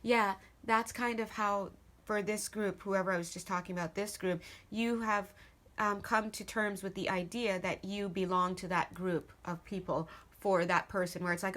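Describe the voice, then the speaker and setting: Medium-pitched and a bit bright, this tarot reader speaks steadily at a measured pace, rambling through a casual reading for viewers with plenty of laughs and side comments.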